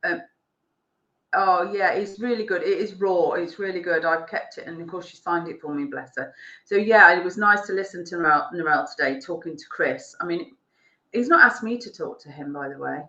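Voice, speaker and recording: Lady chatting on a live stream, bright voice, bit roomy and muffled. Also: fairly low pitch, brisk. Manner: chatty, affectionate, laughs often. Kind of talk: casual chat. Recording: roomy, dull lo-fi stream audio.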